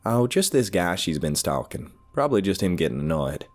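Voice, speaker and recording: A man's voice: low-pitched, big pitch swings, a little fast. A man voicing an offhand young woman, speaking in a casual, dismissive way.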